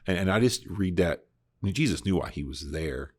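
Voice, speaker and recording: A man's voice: low voice, animated, fairly quick. A man hosting a casual Bible discussion podcast, talking earnestly and reflectively, often restarting his sentences. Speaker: podcast host.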